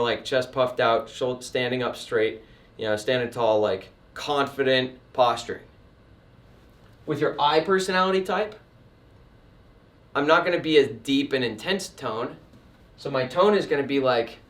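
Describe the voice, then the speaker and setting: A man teaching sales in a casual, conversational way, emphatic and lively as he walks through examples. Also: a little high, normal speed, echoey room. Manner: conversational and emphatic, acts out customer types. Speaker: sales trainer and painting business owner. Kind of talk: casual instructional talk. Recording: voice a bit distant from the mic.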